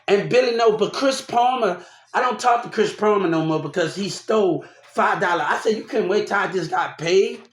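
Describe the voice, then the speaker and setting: A man's voice: sits high, normal speed, few pauses. A young man rambling through a personal story, repeating himself and restarting often. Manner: repetitive, restarts often, animated. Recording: roomy echo.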